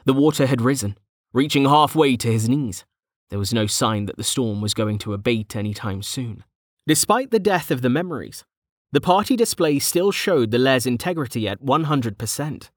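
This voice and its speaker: A man's voice: medium pitch, dry recording. Man narrating a fantasy audiobook, dry sound. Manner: steady, measured storytelling.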